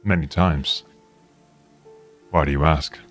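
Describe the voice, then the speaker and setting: Man, very low voice, tabletop role-play, mock-dignified, faint music behind. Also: fairly even intonation, slow, fairly bright tone. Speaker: player voicing his character.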